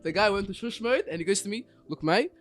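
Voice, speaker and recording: A man, a podcast co-host, chatting casually and telling an animated story with acted-out voices. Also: high voice, fast talker, soft background music. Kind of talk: casual chat.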